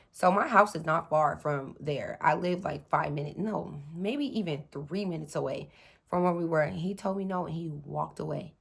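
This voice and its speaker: Animated young woman telling a storytime. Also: fairly low pitch, slightly rough. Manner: animated, addresses viewers as y'all, acts out dialogue. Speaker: storytime vlogger. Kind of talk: casual storytelling to viewers.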